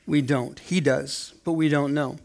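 A man's voice: fairly high pitch, steady tone, a little slow, vocal fry, darkish tone. A man in his sixties preaching a sermon in a conversational way, acting out the quotes in playful voices. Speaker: pastor.

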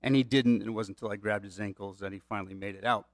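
A man's voice: on the low side, fairly even intonation, fast talker, no room sound. Conversational male pastor, dry sound. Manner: conversational, storytelling with asides to the audience. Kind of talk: sermon.

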